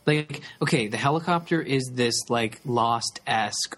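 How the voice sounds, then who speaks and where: A man co-hosting a casual podcast chat, halting and repeating words with many fillers. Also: medium pitch, a bit bright. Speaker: podcast co-host.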